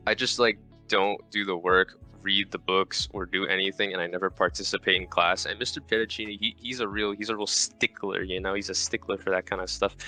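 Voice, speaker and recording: A young man with a bright, forceful tone and a lowish pitch tells a rambling story as a podcast guest. He is self-mocking and swears freely, in loose casual chat over a voice call.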